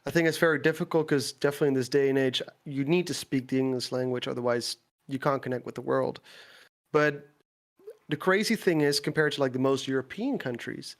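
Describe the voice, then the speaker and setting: A man from the Netherlands, a guest YouTuber talking in a relaxed podcast chat, explaining at length and laughing easily. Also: medium pitch, a little fast.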